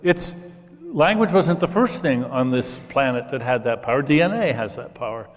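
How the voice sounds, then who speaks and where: An older man with a medium-pitched, expressive voice explains ideas enthusiastically at a moderate pace in a conversational interview, stammering as he starts sentences. The audio has a long reverb tail.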